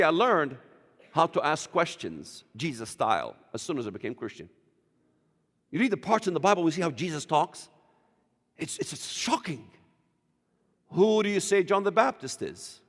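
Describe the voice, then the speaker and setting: A man speaking as a guest in a church, emphatic and combative, often rising to shouts. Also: fairly high pitch. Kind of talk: fiery preaching talk. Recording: reverberant church hall.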